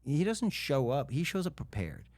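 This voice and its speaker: A man's voice: a little high, moderate pace, no echo. A middle-aged man who is an actor, telling stories in a casual interview, acting out quotes and laughing often. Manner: animated storyteller, laughs often, acts out quotes. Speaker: actor guest.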